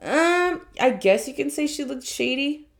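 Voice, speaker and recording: A woman's voice: high voice, measured pace, gravelly. A young woman co-hosting a podcast, telling work stories in casual chat, acting out the people she quotes and swearing freely. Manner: animated, acts out quoted voices, swears freely. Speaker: podcast co-host.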